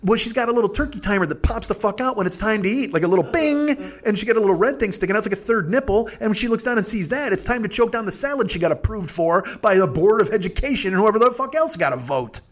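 A man's voice: sits high, lively intonation, fast talker, hardly any pauses. A man hosting a podcast, telling a rambling, profane comic story and laughing as he goes. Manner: profane, digressive, laughs through his stories. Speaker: podcast host.

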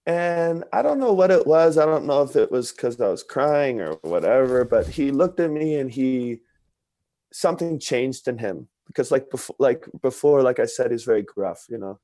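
A man telling a personal story in conversation, earnest and expressive, with many fillers. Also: medium pitch, normal speed, no echo.

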